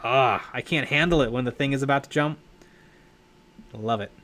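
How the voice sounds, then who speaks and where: Young male streamer, mid-pitched, loose rambling chat with frequent restarts. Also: brisk, fairly bright tone. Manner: rambling, self-correcting, laughs often. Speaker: livestream host. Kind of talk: casual live-stream chat while painting.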